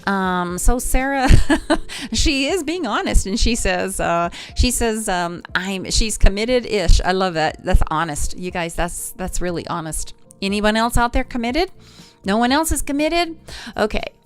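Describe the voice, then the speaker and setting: A woman's voice: mid-range voice, expressive, a little slow, clear, resonant tone, soft background music. A woman vocal coach talking on a livestream, encouraging her viewers and reading their comments aloud. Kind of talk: live-stream coaching talk.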